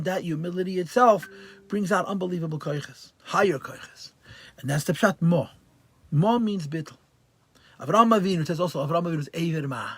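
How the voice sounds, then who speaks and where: Emphatic rabbi teaching a Torah class. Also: male voice, fairly high pitch, breathy edge, no room sound. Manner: translates verse by verse, mixing Hebrew and Yiddish terms into English; emphatic, stresses key words loudly.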